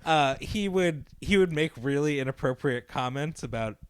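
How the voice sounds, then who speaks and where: A man's voice: on the high side, moderate pace, clear, resonant tone, no echo, clean studio sound. A young man, a comedian co-hosting a podcast, telling rambling stories in casual chat, often laughing at his own anecdotes.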